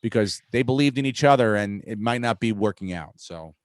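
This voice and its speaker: A man hosting a podcast, talking sports in a profane, rambling, excitable way. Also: lowish voice, a little fast, no room sound. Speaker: podcast host. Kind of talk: casual sports chat.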